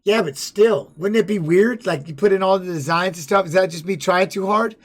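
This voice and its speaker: A man and former fighter chatting casually, telling rambling stories with animated bursts. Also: high voice, a little fast. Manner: rambling, animated storytelling with laughs. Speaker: podcast host and former fighter. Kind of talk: casual chat and storytelling.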